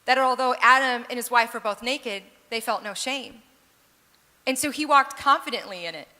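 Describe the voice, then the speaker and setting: Bright, high-voiced woman preaching in a hall. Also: moderate pace. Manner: animated, earnest preaching with humor. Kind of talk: sermon storytelling. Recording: long hall reverb.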